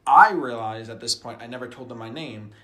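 Bright-voiced young man rambling. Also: medium pitch, fairly quick, echoey room. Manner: rambling storyteller, repeats phrases. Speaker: podcast host. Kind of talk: casual chat.

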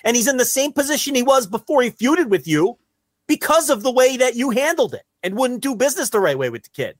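A man's voice: extremely high pitch, brisk, no room sound. A man co-hosting a podcast in casual, profane, rambling chat. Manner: animated, profane, rambling with restarts. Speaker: podcast co-host.

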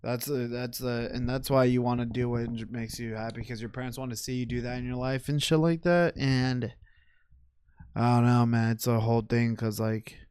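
A man's voice: mid-range voice, fairly even intonation, moderate pace, darkish tone, clear, resonant tone, dry recording. A young man co-hosting a podcast, talking casually and profanely, laughing often and mimicking people. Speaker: podcast co-host. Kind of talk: casual chat.

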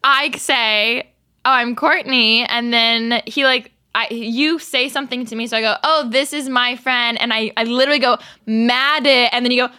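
Bright, bubbly young woman co-host. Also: on the high side, fairly even intonation, moderate pace, clean tone. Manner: bright, laughing, filler-heavy storytelling. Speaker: podcast co-host. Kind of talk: casual chat.

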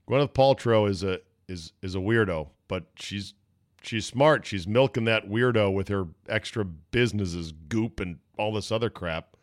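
A man's voice: on the low side, measured pace, dry recording. A man hosting a sports talk show in an opinionated monologue, blunt and sarcastic. He swings into mock voices for the people he quotes. The studio sound is dry and close, with no room around him.

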